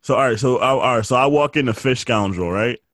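A man's voice: mid-range voice, quick pace, fairly bright tone, no room sound, studio quality. A man in casual chat who rambles, teases, and laughs often.

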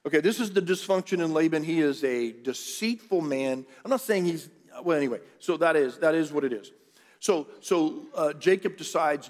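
A middle-aged pastor tells the story in a loose, conversational sermon and drops joking asides to his congregation. His voice sits a little high for a man. It rings through a big church sanctuary with a long reverb tail. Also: a little fast. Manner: chatty, jokey asides to the congregation.

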